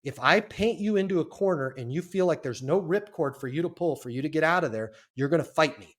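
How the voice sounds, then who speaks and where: A fired-up man teaching sales on a podcast, hitting his points hard and swearing casually as he goes. His voice sits somewhat high for a man, and he stays loose and conversational even while he lectures. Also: fairly quick. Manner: emphatic, punchy, casual swearing. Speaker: sales coach guest.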